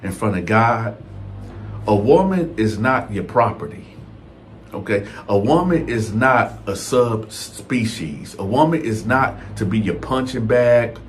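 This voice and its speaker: A man's voice: on the low side, expressive, measured pace, soft background music. A man telling a prison story in casual, slangy storytime style, talking straight to his listeners. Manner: conversational, slangy, addresses listeners as y'all.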